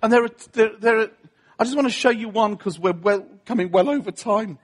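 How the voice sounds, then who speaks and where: Husky, high-voiced male preacher. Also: brisk. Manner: self-deprecating, laughing often, acting out quoted voices. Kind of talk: humorous sermon storytelling.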